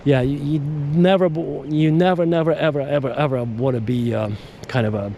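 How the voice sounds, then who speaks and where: A man's voice: on the high side, fairly even intonation, normal speed, warm tone, lo-fi sound, a little hiss or hum. A man hosting a podcast, talking in a casual, digressive monologue that repeats words and restarts sentences. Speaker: podcast host.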